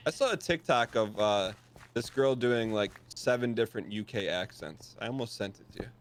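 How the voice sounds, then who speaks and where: A man's voice: on the low side, lively intonation, moderate pace. A man chatting casually on a gaming stream, asking curious questions.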